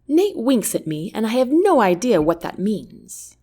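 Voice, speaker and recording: A woman narrating a first-person novel as an audiobook, with an expressive, character-driven delivery. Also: fairly high pitch, unhurried, slightly rough.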